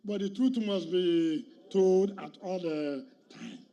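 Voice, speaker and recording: A middle-aged Nigerian-accented state governor speaks high and slow, his voice creaky and mellow, with the top end of the audio cut off. He delivers a combative political speech outdoors, hurling rhetorical questions and challenges at the crowd.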